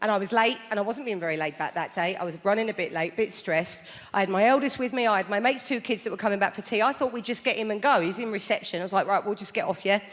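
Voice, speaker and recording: A woman's voice: medium pitch, fast talker, hardly any pauses. A woman doing chatty stand-up storytelling who acts out the other people in her stories. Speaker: stand-up comedian. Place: large theatre stage. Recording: reverberant hall with crowd noise.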